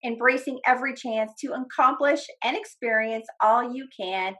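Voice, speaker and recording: Woman podcast host, warm and enthusiastic, higher-pitched voice. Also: normal speed. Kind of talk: casual podcast chat.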